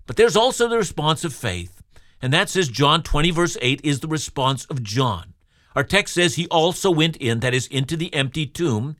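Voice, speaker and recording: A male Bible teacher delivers a radio sermon with an animated, rising-and-falling delivery. His pitch sits a touch above the usual male range. The recording is dry and close, with no room sound. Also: normal speed, dry recording. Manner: expressive, rhetorical preaching with direct address to listeners.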